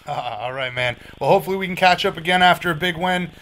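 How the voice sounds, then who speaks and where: A man's voice: on the high side, fairly quick, a bit bright. A man hosting a sports radio show, chatting easily with his guests and laughing along.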